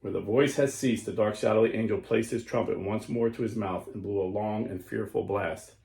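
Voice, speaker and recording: A low, gravelly male voice reads an old account with slow, stressed dramatic lines and breaks off to explain in plain talk. He sounds like the host of a Catholic commentary show, recorded in a roomy space with an echo. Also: steady tone, darkish tone. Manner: slows and stresses lines when reading aloud, then explains plainly.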